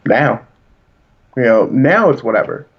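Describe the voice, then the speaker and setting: A man in his thirties talks through personal stories in an earnest, reflective way, his voice sitting at an ordinary middle pitch. This is a casual podcast chat. The recording is a little dull and lo-fi. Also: animated, measured pace, a little hiss or hum. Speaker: podcast co-host.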